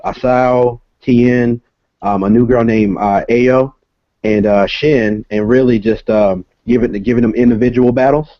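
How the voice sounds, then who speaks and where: A man, a comic creator and guest, explaining casually over a video call, halting with many filler sounds. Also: mid-range voice, steady tone, no echo. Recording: dull lo-fi call audio.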